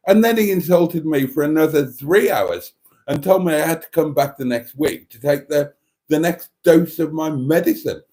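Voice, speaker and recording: A man chatting on his own livestream, reading out comments from viewers. He rambles in a dry, self-mocking way. His fairly high voice jumps all over the place as he talks. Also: expressive, moderate pace, dark tone. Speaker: livestream host.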